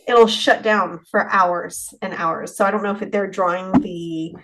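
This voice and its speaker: A middle-aged woman chats loosely as a podcast guest, in an everyday voice that sits at a middle pitch. She circles around her points and restarts her sentences often, letting clauses trail off. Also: fairly even intonation, unhurried, background noise. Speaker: haunted rental owner, podcast guest. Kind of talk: casual interview chat.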